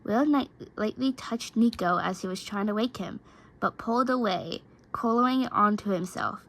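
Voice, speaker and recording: A woman's voice: mid-range voice, moderate pace, a bit bright, low-quality recording. A woman reading fan fiction aloud in an amateur way, stumbling over words and often restarting and correcting herself.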